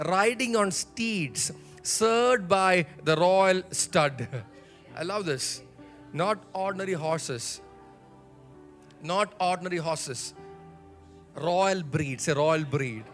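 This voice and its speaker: A pastor preaching from the pulpit with a high voice. He leads his congregation in call-and-response and repeats key phrases with rising emphasis. Soft music plays faintly underneath him. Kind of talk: sermon. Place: church sanctuary.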